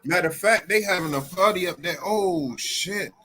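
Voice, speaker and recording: A man's voice: sits high, moderate pace, sharp tone. A man in casual chat about rappers, debating in a slangy, hyped way.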